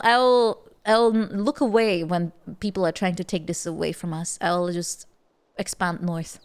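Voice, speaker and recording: A woman's voice: lowish voice, clean tone. A woman streaming a strategy game, chatting playfully and reacting animatedly, often repeating words as she stammers and laughing between remarks. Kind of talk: casual live game-stream chat.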